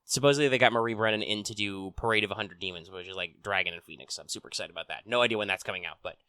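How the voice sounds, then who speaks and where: Male host, casual rambling news chat into a desk mic; low-ish, bright, dry close sound. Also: very fast, smooth, dry recording. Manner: rambling, frequent ums and restarts, swears casually. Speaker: tabletop RPG news host. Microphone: desk mic on arm.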